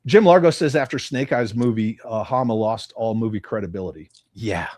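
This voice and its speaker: A man's voice: lowish voice, fairly quick, a little mellow, no echo. An American man hosting a casual livestream, reading chat comments and ranting bluntly with a lot of swearing. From United States. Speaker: livestream host.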